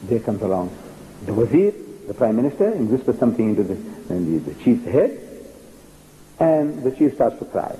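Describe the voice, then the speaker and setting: A man's voice: mid-range voice, moderate pace, a little hiss or hum. A man giving a public lecture on religion, telling stories and acting out the dialogue. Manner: animated storyteller, acts out dialogue. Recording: echoey lecture hall.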